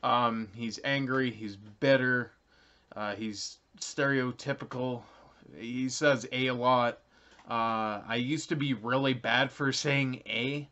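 A young Canadian channel creator casually explains something to his viewers on camera, rambling with plenty of ums and uhs and light chuckles. His medium-pitched voice is fairly even in intonation, slow, pushed and bright. It's a slightly dull lo-fi recording.

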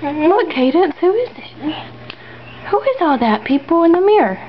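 A woman's voice: extremely high pitch, big pitch swings, normal speed. A woman filming her twin babies at home, playing with them in sing-song baby talk that swoops up into squeals. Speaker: parent filming her twins. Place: home indoors. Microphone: handheld camera. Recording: muffled home camcorder audio with hiss.

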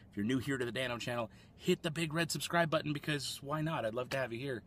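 A man's voice: medium pitch, quick pace, fairly bright tone, slight background noise. Chatty man vlogging a food tasting. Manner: chatty, rambling, eating while talking. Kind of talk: casual food-tasting vlog. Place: fast food restaurant.

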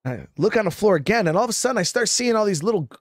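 Ex-marine guy rambling thru a story, swears a lot, kinda high voice, dry sound. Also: sing-song, very fast, dry recording. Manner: profane, rambling, keeps addressing listeners as guys. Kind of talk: casual spoken storytelling.

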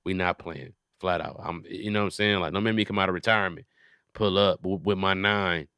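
Man, comedy podcast host, casual profane riffing, bright tone, close dry sound. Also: low-pitched, steady tone, a little fast, clear, resonant tone, no room sound. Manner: profane riffing, acts out little scenes.

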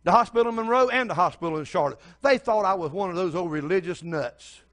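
A man's voice: high voice, fast talker, a bit bright. An older man preaching a sermon as pastor, telling a story and speaking straight to the congregation.

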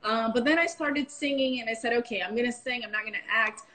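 A Brazilian-accented woman with a slightly high voice chats openly on a phone video call. She is a singer whose first language is Portuguese, and she talks in an easy, rambling way with lots of "you know". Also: quick pace, bright, forceful tone, poor audio. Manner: chatty, frank, sprinkled with "like" and "you know". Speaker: singer, interview guest. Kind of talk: casual chat on an Instagram live video call. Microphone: phone on a live video call.

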